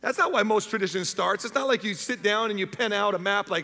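A man preaching an Easter sermon, conversational and energetic, asking the congregation if they are with him. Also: high-pitched, fast, hardly any pauses. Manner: energetic, conversational, calls to the audience. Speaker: pastor. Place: church auditorium. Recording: long reverb of a church.

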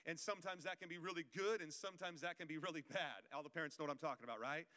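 A male pastor preaches in a church auditorium, joking conversationally and calling out to the congregation. His fairly high voice comes rapid-fire, pushed and bright, carried by the long reverb of the hall.

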